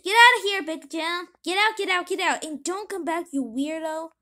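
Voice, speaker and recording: Woman voicing a grumpy male cat villain, storybook, snappish, shouting, high-pitched. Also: normal speed. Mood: irritated.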